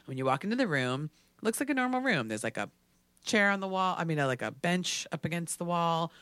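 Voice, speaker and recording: A man casually telling a story, animated and full of fillers like "like". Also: a little high, a little fast, clear, resonant tone, dry recording. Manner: animated, filler-heavy with frequent "like".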